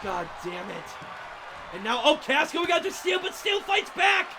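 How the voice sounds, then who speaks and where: Biased wrestling commentator, man, shouting over a roaring arena crowd and loud noise. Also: extremely high pitch, big pitch swings, a little slow. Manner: openly biased, shouting, swearing, cheering on favorites. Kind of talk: play-by-play commentary.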